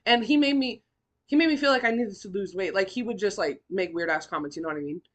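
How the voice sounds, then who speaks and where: A young woman hosting a podcast, telling her own story in a blunt, profane, animated way with big swings in pitch and loudness. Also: fast talker. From California. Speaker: podcast host. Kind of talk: candid personal storytelling.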